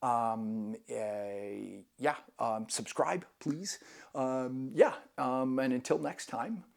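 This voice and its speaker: A man's voice: medium pitch, extremely slow, gravelly. A man hosting a travel vlog, giving casual travel tips in an enthusiastic, self-deprecating way.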